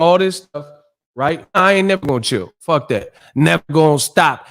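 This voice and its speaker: Loud, mocking boxing stream host. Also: male voice, on the high side, animated, moderate pace. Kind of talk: profane live commentary.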